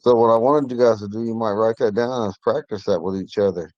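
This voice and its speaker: A man teaching an online language class, talking in a relaxed, rambling way with many fillers. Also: fairly low pitch, fast talker, dry recording, lo-fi sound. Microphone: phone.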